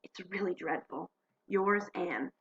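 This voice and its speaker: A woman reading diary entries aloud at home into a computer mic, expressive, slowing and hushing for dramatic moments. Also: lowish voice, lo-fi sound, very noisy. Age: adult. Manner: expressive, slows and hushes for drama. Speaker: diary reader.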